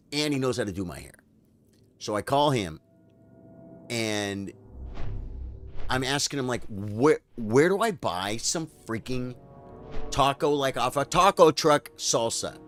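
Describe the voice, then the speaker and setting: Male streamer, casual rambling chat, mid pitch, faint music behind. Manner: rambling, animated storytelling.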